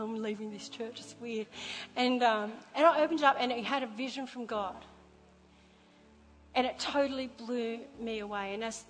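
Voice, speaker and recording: Woman pastor preaching in a reverberant hall. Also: on the high side. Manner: storytelling, impassioned, swings from hushed to loud. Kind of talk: sermon. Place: large church hall.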